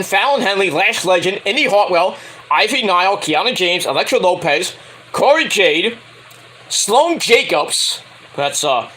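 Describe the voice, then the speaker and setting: Excitable high-voiced man reviewing wrestling. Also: slight background noise, low-quality recording. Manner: rambling, excitable, swears freely. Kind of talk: casual spoken review.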